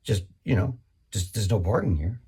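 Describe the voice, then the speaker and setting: A man doing a rambling, profane comedy monologue, full of restarts and sudden high-pitched bursts. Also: lively intonation, normal speed, dark tone, husky.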